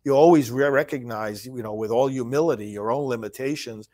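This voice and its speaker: A man hosting a solo political commentary show, reading from a speech and discussing it emphatically, often repeating words and restarting phrases. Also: mid-range voice. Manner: reads quoted lines slowly and forcefully.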